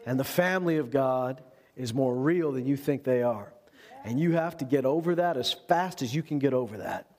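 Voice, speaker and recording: A man who is a pastor delivering an animated sermon, mixing humor with earnest exhortation. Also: medium pitch, normal speed. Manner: animated preaching with humor and acted-out voices.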